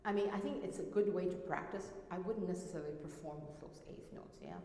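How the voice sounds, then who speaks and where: A woman's voice: fairly low pitch, fast talker. A woman teaching a piano masterclass, singing rhythms aloud as she coaches. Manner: sings rhythms aloud, animated. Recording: echoey hall with piano.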